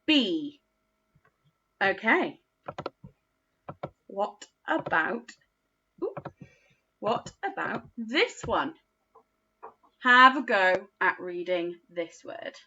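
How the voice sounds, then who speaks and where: A woman teaching a phonics lesson to young children, speaking slowly with exaggerated, encouraging praise. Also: mid-range voice, animated, bright, forceful tone, highs cut off, slight background noise. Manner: slow, encouraging, sing-song teacher talk with exaggerated praise. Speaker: early years teacher.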